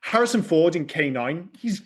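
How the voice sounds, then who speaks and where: A man's voice: on the high side, animated, normal speed. A man co-hosting a podcast, giving strong, sweary opinions in casual film talk. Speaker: podcast co-host.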